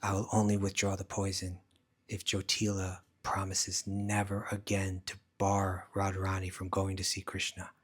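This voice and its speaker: A man voicing a calm, sly snake doctor in a measured, matter-of-fact voice. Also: low-pitched. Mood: stern.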